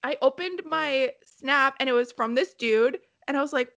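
A woman's voice: high-pitched, normal speed, fairly bright tone. A young woman co-hosting a podcast, telling stories animatedly, laughing often and swearing. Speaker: podcast co-host. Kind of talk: casual chat.

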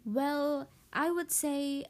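A woman's voice: high voice, very slow. A woman who speaks English as a second language, hosting a casual podcast and chatting loosely with many fillers and restarts. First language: not English. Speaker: podcast host. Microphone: voice message recording.

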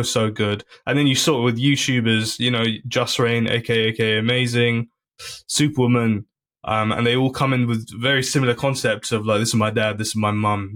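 A man of middling pitch talks as a comedian guest on a podcast. He is earnest and a little halting, restarting phrases and leaning on "you know" as he works through his thoughts. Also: fairly bright tone. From United Kingdom. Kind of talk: casual chat.

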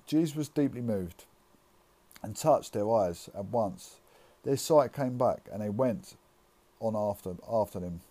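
Mellow-voiced man reading scripture haltingly. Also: on the low side. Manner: halting reading with frequent slips and restarts. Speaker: scripture reader.

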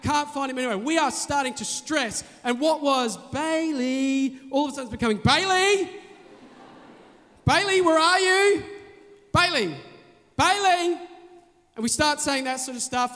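Aussie preacher guy, really high voice, big hall echo, animated storytelling. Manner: storytelling, animated, shouts names. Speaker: pastor. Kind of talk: sermon. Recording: long hall reverb.

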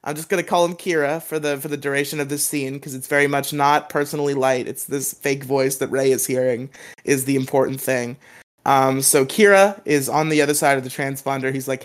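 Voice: mid-range voice, steady tone, a little fast. A podcast co-host giving a casual, rambling recap of an episode, laughing often and acting out quoted lines.

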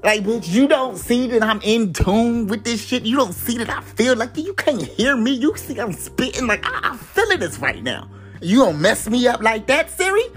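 A man's voice: very high voice, sing-song, moderate pace, hardly any pauses, a bit bright, soft background music. A man doing a comedic rant to camera, profane and exasperated, with a repeated catchphrase. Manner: profane, exasperated, mock-outraged; repeats a catchphrase between bits. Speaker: vlogger.

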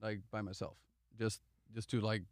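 A man chatting casually as a host, rambling and halting with restarts and fillers. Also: on the low side, level tone, no echo, clean studio sound. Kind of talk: casual chat.

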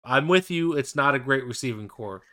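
Bright, crisp-voiced man talking football. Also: mid-range voice, expressive, brisk. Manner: rambling, hesitant restarts and fillers. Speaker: podcast co-host. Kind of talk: casual sports podcast chat.

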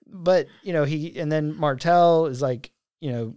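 A man in relaxed conversation, talking casually with a co-host. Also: a little high, unhurried, few pauses, clear, resonant tone, no echo, clean studio sound. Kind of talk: casual chat.

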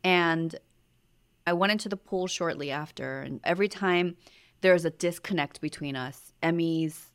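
Low-voiced woman co-hosting a podcast. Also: a little slow, clean tone. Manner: reflective, storytelling, soft-spoken. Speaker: podcast co-host. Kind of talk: casual conversation.

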